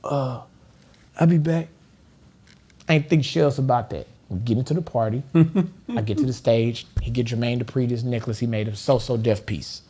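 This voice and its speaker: Fairly quick and husky, with a warm mid-range tone, a middle-aged Los Angeles man tells stories as a podcast guest on a studio mic. He keeps it casual and animated, laughs often, and acts out others in a raised voice.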